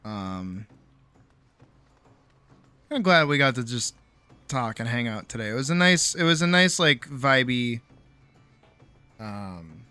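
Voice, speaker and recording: Tired, bright-voiced late-night streamer, swearing. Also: male voice, mid-range voice, animated, slow pace, long pauses, clear, resonant tone, no room sound, soft background music. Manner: rambling, swears freely, self-mocking. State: tired, sore jaw. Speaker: streamer and animator. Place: home streaming setup.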